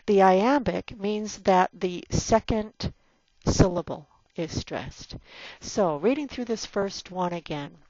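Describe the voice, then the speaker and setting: A woman's voice: medium pitch, expressive, takes it slowly, creaky, darkish tone, no echo. A woman teacher explaining poetry in a recorded lecture, with many fillers and restarts, tapping out the rhythm aloud. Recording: dull lo-fi recording.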